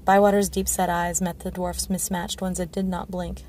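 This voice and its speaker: A woman reads a fantasy novel aloud, measured and low-key. Her voice is gravelly and stays flat in pitch. A faint hiss runs under the recording. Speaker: audiobook reader.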